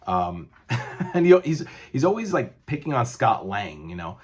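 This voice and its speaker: A man's voice: medium pitch, sing-song, unhurried, a little mellow, slightly rough. A man in his forties chatting casually as a comic book collector on his vlog, rambling and correcting himself with many fillers.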